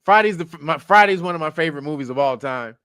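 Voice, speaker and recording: A man hosts a casual commentary talk, cursing freely and laughing, with many restarts and asides. His voice is bright and forceful and sits fairly high for a man. The recording is dry and close, with no room sound. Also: lively intonation, quick pace, clear, resonant tone, no room sound. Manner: profane, laughs often, loud bursts of mockery; rambling with self-corrections. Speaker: show host.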